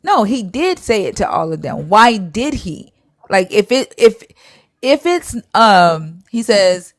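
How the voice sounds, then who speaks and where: A woman's voice: fairly high pitch, no echo, studio quality. A woman hosting a live stream, bluntly arguing and retelling scripture in casual slang with swearing.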